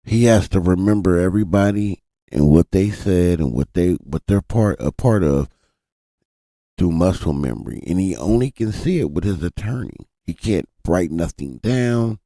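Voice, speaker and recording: Gravelly, dark-voiced man ranting to his chat. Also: low-pitched, moderate pace, no room sound, clean studio sound. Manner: animated, swears freely, addresses chat directly. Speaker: live stream host. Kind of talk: casual live-stream commentary. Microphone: desk mic.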